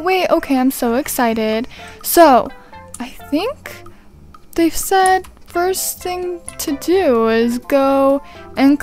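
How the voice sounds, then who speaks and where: A woman giving casual, bubbly gameplay commentary, gasping with excitement as she explores a game. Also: high-pitched. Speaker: gaming YouTuber.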